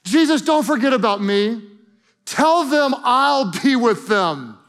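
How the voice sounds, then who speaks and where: A man's voice: very high-pitched, expressive, takes it slowly, a bit bright, pitched above the performer's own voice, heavily acted. A man voicing a playful spirit who complains about being forgotten, in a comic aside of a sermon. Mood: sulky. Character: playful, slightly sulky divine spirit, male.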